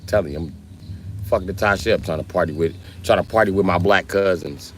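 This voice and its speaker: A man hosting a livestream, chatting casually and telling stories in a profane, animated way. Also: deep voice, a little fast, slight background noise. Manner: profane, animated storytelling with voiced asides. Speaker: livestream host.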